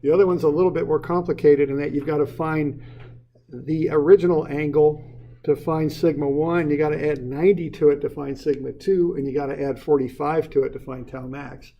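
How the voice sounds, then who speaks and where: An engineering instructor gives a classroom lecture in an informal style, repeating words often and putting questions to his students. His voice is fairly high and creaky, and the audio sounds dull.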